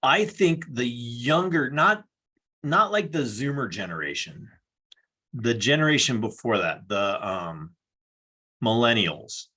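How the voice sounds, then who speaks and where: A man's voice: medium pitch, expressive, slow, sharp tone, breathy edge. A man co-hosting a casual talk show, easygoing and rambling. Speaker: co-host. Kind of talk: casual chat.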